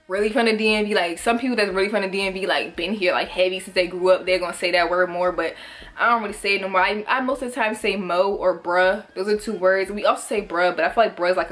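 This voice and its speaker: A woman's voice: mid-range voice, a bit bright. Chatty eighteen-year-old woman from the DC area. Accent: Washington DC area. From DC, Maryland and Virginia area. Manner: chatty and emphatic, with slang and frequent "like". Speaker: vlogger. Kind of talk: casual explainer vlog.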